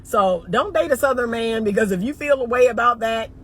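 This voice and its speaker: A woman's voice: fairly high pitch, fairly quick, slight background noise. A middle-aged woman from the northern US, a dating coach chatting emphatically and directly to her viewers. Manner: emphatic, talks straight to viewers as y'all. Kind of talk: casual livestream chat.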